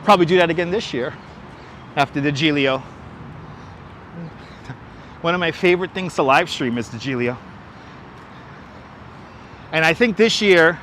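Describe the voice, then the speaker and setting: A livestream host with a fairly high, bright, forceful voice walks city streets outdoors, chatting enthusiastically through a wireless clip-on mic. He greets viewers by name and reads their comments aloud; there's a little hiss or hum.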